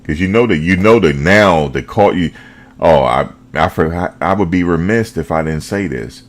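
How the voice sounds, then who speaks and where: Very deep-voiced man talking football. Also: moderate pace. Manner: animated, repeats himself, slangy. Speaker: fan show host. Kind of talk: casual football talk.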